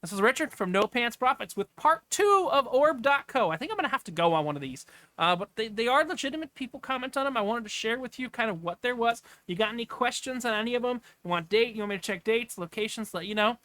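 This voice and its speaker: Bright-voiced man rambling through listings. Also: very high voice, expressive, quick pace, dry recording. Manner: rambling, off-the-cuff asides. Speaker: vlogger walking through travel listings. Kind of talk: casual screen-share commentary.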